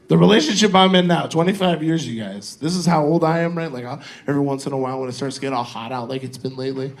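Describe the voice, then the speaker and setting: Male stand-up, 40s, slightly high-pitched, crude loose delivery, live club set with crowd work. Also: fairly even intonation, fast talker. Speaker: stand-up comedian. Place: comedy club stage with live audience.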